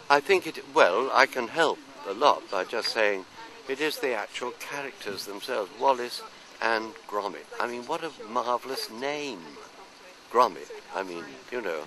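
An older man from London, telling anecdotes and answering interview questions in an unhurried, rambling way. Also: fairly low pitch, rough recording. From London, England. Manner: anecdotal, unhurried, trailing off into asides. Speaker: actor being interviewed. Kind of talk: casual interview chat.

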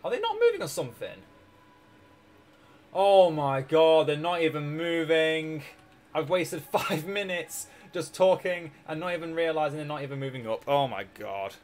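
Streaming a strategy game, this young Scottish man chats and jokes casually despite a sore throat, laughing a lot as he rambles. He speaks at a moderate pace in a slightly high, sing-song, somewhat mellow voice.

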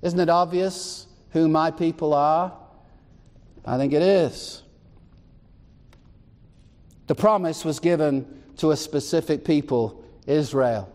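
A man's voice: fairly high pitch, takes it slowly, long pauses, a little mellow, big-room sound. A man preaching a sermon as pastor, reading scripture aloud and firing rhetorical questions at the congregation. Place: church.

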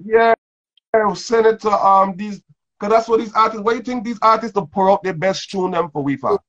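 A man's voice: high-pitched, normal speed, a bit bright. A man hosting a casual interview, rambling and laid-back with lots of fillers. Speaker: host. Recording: dull lo-fi sound.

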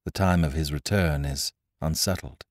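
A man voicing a grave, pious clergyman who speaks quietly and sternly. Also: a bass voice, normal speed, dry recording, clean studio sound.

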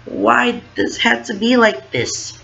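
A man voicing an upset young woman heroine in a read-aloud fan story, in a high, plaintive voice. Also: very animated, measured pace, creaky, bright, forceful tone, muffled recording, heavily acted.

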